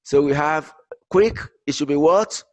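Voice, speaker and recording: A man teaching an English grammar lesson, explaining in English mixed with Arabic, halting and repeating himself with many fillers. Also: a little high, no room sound.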